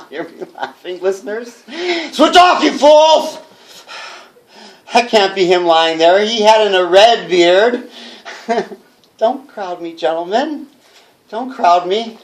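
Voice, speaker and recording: A man's voice: sits high, takes it slowly. A man performing a jittery radio announcer who chatters nervously to his listeners and laughs to himself, read live before an audience in a bookstore. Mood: unhinged. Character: jittery male radio announcer alone in a haunted house. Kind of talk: live reading of a one-man radio play.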